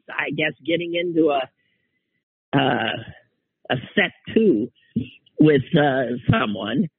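Husky guy rambling slow and wry, pitch all over the place, dry tinny phone-ish sound. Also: animated, no echo. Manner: rambling, wry, trails off and restarts. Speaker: podcast host. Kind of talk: casual solo monologue.

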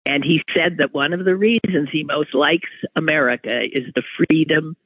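A man's voice: a little high, normal speed, slightly rough, no echo. Wry male talk host, tinny sound. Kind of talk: opinionated monologue. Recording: tinny phone-like radio audio.

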